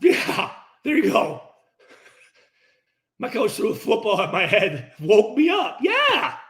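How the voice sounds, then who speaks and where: Middle-aged man, an ex-player who hosts a post-game talk; profane, animated rant with a high, swinging voice. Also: slow pace. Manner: profane, animated, acts out dialogue. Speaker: former player hosting a post-game reaction. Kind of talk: casual unscripted rant. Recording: roomy echo.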